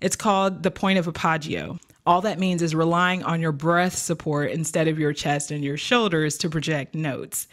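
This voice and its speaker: A woman with a somewhat low-pitched voice teaches singing technique in an instructional video. She explains clearly and encouragingly, breaking each exercise into steps. She counts the beats aloud as she guides her students. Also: fairly even intonation, moderate pace, few pauses. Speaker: vocal coach.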